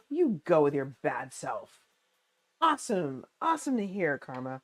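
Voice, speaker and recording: This woman's late-night livestream is casual chat over a meal, with frequent laughter and replies to viewers' messages. Her low voice swings widely in pitch at a measured pace.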